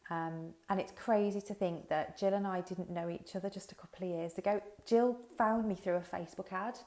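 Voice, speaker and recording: A woman's voice: fairly low pitch, fairly even intonation, fairly quick, darkish tone. A woman hosting a casual livestream chat, talking straight to her viewers in a chatty, swearing, unfiltered way over a headset mic. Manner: chatty, swears freely, talks to viewers directly. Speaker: business coach hosting a livestream. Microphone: headphones with mic.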